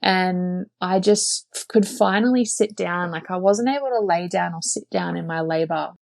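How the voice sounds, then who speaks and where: A young woman appears as a podcast guest, earnestly and chattily telling the story of her own birth with plenty of "like" fillers. Her voice is lowish and creaky, her pace moderate, and there's no room sound. It's casual personal storytelling.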